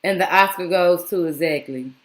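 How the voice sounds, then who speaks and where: A woman's voice: fairly low pitch, normal speed, reverberant. A woman vlogger giving casual, exasperated commentary that rambles with many restarts.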